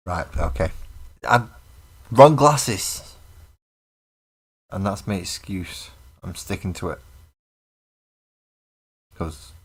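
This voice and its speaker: Man, deep voice, unhurried, casual live-stream chat, rambling, reads comments aloud while painting. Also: animated, breathy edge.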